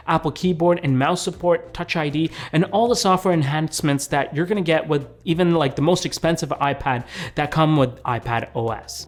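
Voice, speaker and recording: A young man hosting a tech video, comparing tablets in an upbeat, conversational way with lots of casual fillers. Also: a little high. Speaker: tech YouTuber.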